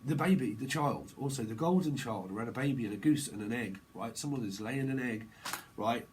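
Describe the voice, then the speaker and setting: A man giving a casual live tarot reading, rambling and excitable, repeating himself and using slang. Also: mid-range voice, brisk, slight background noise. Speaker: tarot reader.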